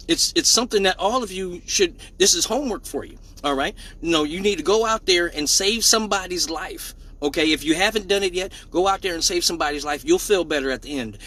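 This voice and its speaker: Male livestream host, high husky voice, mock-serious comic sermonizing. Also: poor audio. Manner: joking mock-serious preaching, loud bursts of laughter. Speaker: live show host. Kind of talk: crude comedic live stream chat.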